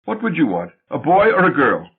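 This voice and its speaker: A man voicing Genevieve, a husky, excitable young wife. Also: a little high, fairly quick, voice pushed up, exaggerated voice. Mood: hopeful. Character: emotional young wife, tender and anxious. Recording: tinny phone-like sound.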